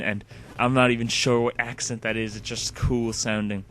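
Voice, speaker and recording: A man's voice: mid-range voice, little pitch movement, moderate pace, a bit bright. Rambling man narrating his gameplay. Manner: rambling, frequent "like" fillers. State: sleepy. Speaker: let's play host. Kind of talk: casual gameplay commentary.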